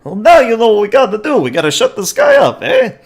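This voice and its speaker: A man voicing a rowdy male alien bear thug in a loud, high voice with a botched, haywire attempt at a Brooklyn accent. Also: a little slow, lightly acted. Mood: agitated.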